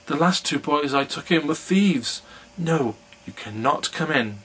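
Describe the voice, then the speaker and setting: A man voicing the stern wife of a giant, who scolds in a raised, higher voice. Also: animated, unhurried, fairly bright tone, breathy edge, heavily acted, low-quality recording. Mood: scolding.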